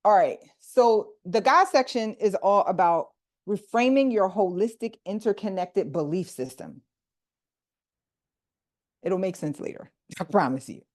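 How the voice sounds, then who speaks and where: An animated woman leads a group workshop over a video call. She teaches casually and speaks right to her listeners, slipping into slang as she explains. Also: mid-range voice, measured pace. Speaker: coach leading a group workshop.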